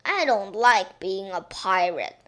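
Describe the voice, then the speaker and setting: A woman voicing a naughty little girl princess who plays pirate, pouty and excitable. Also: on the high side, slow, full character voice. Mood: pouty excited.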